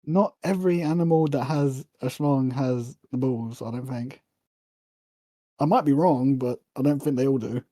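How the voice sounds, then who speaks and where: A man's voice: medium pitch, normal speed, dark tone, no echo. A man co-hosting a casual podcast, blunt and stubborn, swearing freely. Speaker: podcast co-host.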